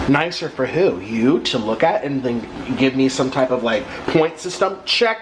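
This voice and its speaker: A man's voice: a little high, sing-song, moderate pace, a little hiss or hum, rough recording. A man ranting in a casual vlog at home, indignant and exasperated, with a sarcastic edge. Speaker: vlogger. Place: at home in his apartment.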